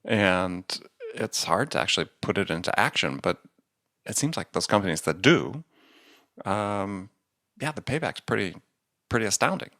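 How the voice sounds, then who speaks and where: A man hosting a business podcast, asking quick, probing questions of his guest. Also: on the low side, lively intonation, sharp tone, dry recording, studio quality. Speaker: podcast host. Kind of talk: interview questions.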